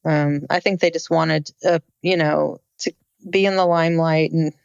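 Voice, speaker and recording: A woman co-hosting a podcast talks in a relaxed, conversational way. Her voice is smooth and a little low. The recording is dry and slightly dull. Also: moderate pace, no echo. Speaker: podcast co-host. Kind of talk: casual chat.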